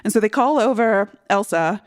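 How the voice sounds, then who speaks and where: Lively woman co-hosting a movie podcast. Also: medium pitch, normal speed. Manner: animated retelling, acts out lines, laughs often. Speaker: podcast co-host. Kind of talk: casual movie chat.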